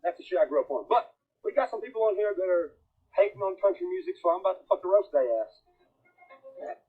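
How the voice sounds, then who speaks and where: A man with a high, swooping voice heckles and swears in a crude, mocking rant. His raspy, breathy tone comes through a thin, phone-like sound. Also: wildly swooping pitch, a little fast. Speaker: commentator in a played clip. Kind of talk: crude ranting roast. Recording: tinny phone-like playback.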